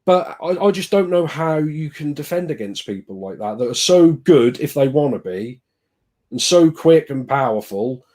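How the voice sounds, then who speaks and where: A man co-hosting a football podcast, talking in an animated, exasperated way and thinking out loud. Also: fairly high pitch, normal speed. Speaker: podcast co-host. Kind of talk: casual football chat.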